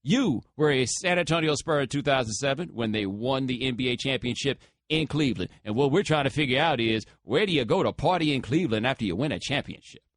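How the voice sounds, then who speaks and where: A man's voice: mid-range voice, animated, quick pace, few pauses, no room sound. A man hosting a sports talk radio show, taking callers in a casual, slangy way. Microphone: studio microphone.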